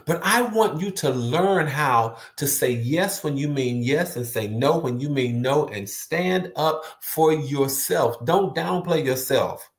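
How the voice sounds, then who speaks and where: A man's voice: a little high, slow, few pauses. A man giving an earnest, emphatic motivational talk to the viewer, repeating words for stress. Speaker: motivational speaker. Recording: roomy echo.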